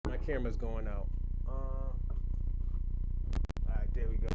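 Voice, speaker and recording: A man's voice: medium pitch, fairly even intonation, unhurried, dull audio, over loud music. A man hosting a reaction stream, talking bluntly and casually to his viewers and swearing freely as he comments on a debate clip. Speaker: reaction channel host.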